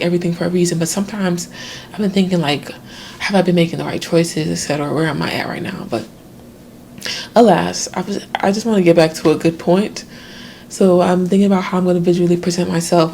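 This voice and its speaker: A woman's voice: fairly low pitch, vocal fry, dark tone, a little hiss or hum. A woman in her twenties talking through her worries in a rambling, reflective video diary. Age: 20s. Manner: reflective, rambling, many fillers. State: tearful, crying at times. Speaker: vlogger.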